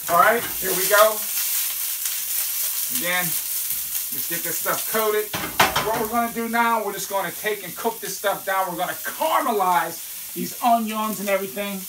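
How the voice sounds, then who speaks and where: A chatty home cook in a kitchen demonstrates a recipe in a relaxed, folksy way, often asking "okay?" and breaking into loud whoops. The voice sits at a middling pitch and comes from a mic set well back. The room is echoey, and frying pans sizzle throughout. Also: normal speed, pauses often, far from the mic, noisy background. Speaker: home cooking show host. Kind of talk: casual cooking demonstration. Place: kitchen at a stove.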